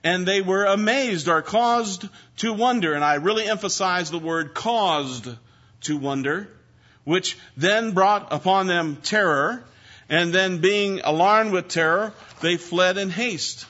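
A man's voice: high-pitched, unhurried, sharp tone. A man preaching an expository sermon, asking rhetorical questions and repeating key words for emphasis. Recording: dull lo-fi sermon recording.

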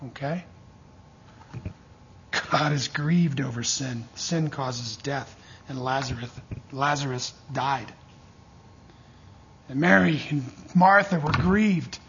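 A man delivering a sermon in a strongly husky, breathy voice that sits on the higher side for a man. He keeps checking in with his listeners and prompting their replies as he teaches. The recording sounds dull and lo-fi. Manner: lively preaching with call-and-response checks. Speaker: pastor teaching a church class.

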